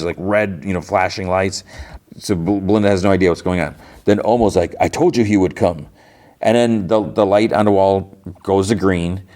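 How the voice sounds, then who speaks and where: A podcast host with a low, slightly mellow voice recaps an episode in a rambling, casual manner. He fills his talk with fillers and restarts and briefly acts out quoted lines.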